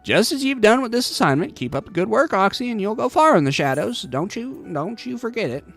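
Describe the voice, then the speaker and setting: A man's voice: sits high, sing-song, brisk, gravelly, fairly bright tone, faint music behind, pitched above the performer's own voice, exaggerated voice. A man voicing a wry, seasoned male rogue guild leader who tells old stories in a video game playthrough.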